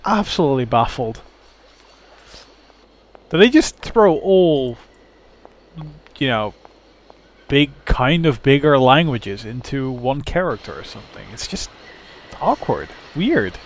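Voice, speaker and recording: A man's voice: medium pitch, big pitch swings, slow pace, long pauses. A man commentating on a game he plays, sounding baffled, sarcastic and rambling. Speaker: gamer commentating. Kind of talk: let's play commentary.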